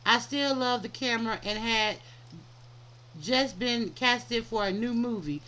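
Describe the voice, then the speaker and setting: A woman's voice: a little high, measured pace, bright, forceful tone, low-quality recording. A woman hosting a podcast, reading a book aloud and often stumbling, restarting and correcting herself.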